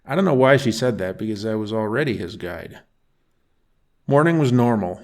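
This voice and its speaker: A man narrating a first-person bedtime story in a calm, unhurried reading voice. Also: fairly low pitch.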